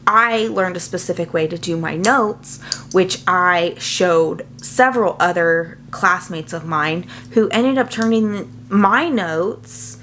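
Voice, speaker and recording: A young adult woman, a nursing student, chatting casually and earnestly to her viewers, full of fillers and quick asides. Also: on the low side, a bit bright, a little hiss or hum. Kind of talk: casual chat to camera.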